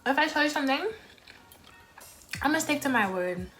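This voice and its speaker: A woman's voice: sits high, expressive, moderate pace, a bit bright, soft background music. Blunt young woman chatting while she eats. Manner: blunt, frank, talks between bites. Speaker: mukbang vlogger. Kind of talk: casual talk while eating. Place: at home.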